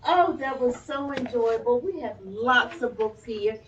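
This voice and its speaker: Lady librarian doing story time for little kids, slow and bouncy, sounds far off and muffled. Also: fairly high pitch. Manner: animated, sing-song, talking to small children. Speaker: children's librarian. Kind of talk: reading a picture book aloud to children. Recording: distant, dull lo-fi sound.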